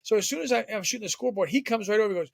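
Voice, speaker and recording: A man from Southern Maine, a former TV sports reporter, telling stories as a podcast guest in an animated, chatty way. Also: sits high, creaky, no room sound. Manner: animated storyteller, quick and chatty. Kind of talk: casual podcast storytelling.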